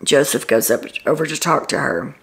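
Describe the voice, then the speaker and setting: Gravelly-voiced woman recapping reality TV. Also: low voice, lively intonation, normal speed. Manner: chatty storytelling, frequent "he's like" quotes. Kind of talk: casual recap commentary.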